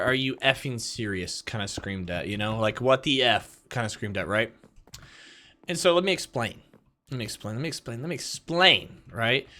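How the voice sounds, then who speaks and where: Bright-voiced man telling a work story. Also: medium pitch. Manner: animated, repetitive, addresses viewers directly. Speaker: vlogger. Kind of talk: casual storytelling to camera.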